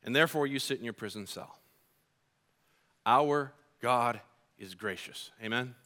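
A middle-aged pastor preaches a sermon earnestly and with animation, acting out his own frustrated outbursts as he tells stories. His pitch is medium and his delivery a little slow.

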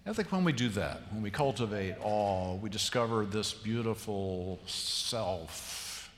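A man preaching a sermon as a pastor, telling stories in an animated, conversational way. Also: lowish voice, unhurried, hardly any pauses. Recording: reverberant church hall.

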